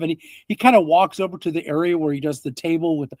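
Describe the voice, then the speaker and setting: A man narrating as game master of a tabletop game, animated and laughing, with casual fillers. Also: a little high, quick pace, no echo.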